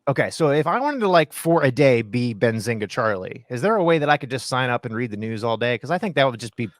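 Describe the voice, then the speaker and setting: A man's voice: mid-range voice, big pitch swings, fast, no room sound, studio quality. A man from Ohio, a full-time options trader, talking casually as a guest over a video call, rambling with fillers and restarts. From Ohio, USA. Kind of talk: casual conversational explanation.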